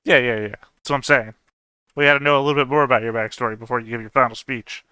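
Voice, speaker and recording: A man's voice: mid-range voice, steady tone, very fast, pushed and bright, clear, resonant tone, dry recording. A man playing a tabletop game, joking wryly about his character and the others. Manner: wry, joking. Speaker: player.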